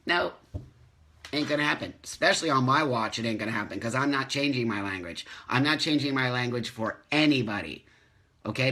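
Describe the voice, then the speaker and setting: A man's voice: mid-range voice, sharp tone. A man hosting a live morning chat, reading out viewer comments and ranting emphatically, repeating phrases for stress. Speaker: host of a live morning show.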